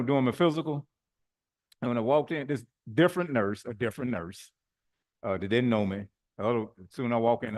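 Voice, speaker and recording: A middle-aged bishop gives an informal sermon built on personal stories, speaking in a relaxed, colloquial way at an ordinary middle pitch. He is animated, with lively swings, and chuckles between phrases and even mid-sentence.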